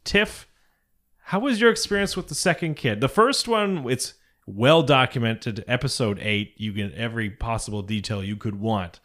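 Male podcast host, middle pitch, casual and chatty, laughs easily. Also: moderate pace, fairly bright tone. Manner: chatty, laughs often, self-deprecating. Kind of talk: casual chat.

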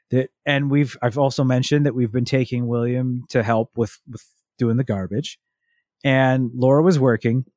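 A young adult man on a casual podcast, telling parenting stories with lively acted-out quotes of his toddler. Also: medium pitch, dry recording, studio quality. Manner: animated storyteller acting out a toddler's lines. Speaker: podcast co-host. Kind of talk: casual chat about parenting.

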